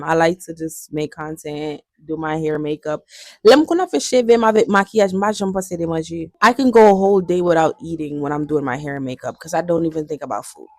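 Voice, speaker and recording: A woman in her twenties with a Jamaican accent vlogs in a casual, playful chat with her viewers, moving between languages. Her voice sits fairly low, and the recording is dry.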